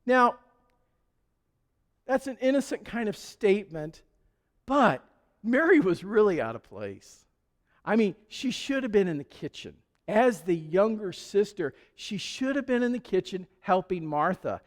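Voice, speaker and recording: A male pastor tells stories from the pulpit in a high, easygoing voice. His relaxed sermon rings out through a church with a long reverb. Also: a little slow. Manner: conversational storytelling with chuckles. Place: church sanctuary.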